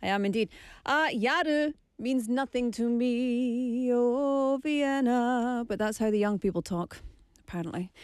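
A woman's voice: on the high side, no room sound, studio quality. Chatty middle-aged woman radio host. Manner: chatty, playful, switches between English and Korean. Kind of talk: casual radio show chat. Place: radio studio. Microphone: studio microphone.

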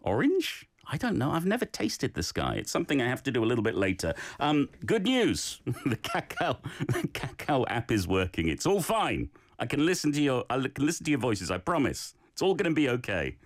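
A man's voice: mid-range voice, huge pitch swings, normal speed, dry recording. A man teaching a daily Korean phrase and giving encouraging feedback on listeners' recordings. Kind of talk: casual language lesson.

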